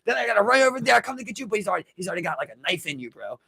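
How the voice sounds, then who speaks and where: A man with a Baltimore accent co-hosting a podcast, telling animated stories and acting out shouts. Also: high-pitched, very fast, creaky, breathy edge, no room sound. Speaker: podcast co-host. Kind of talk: casual chat.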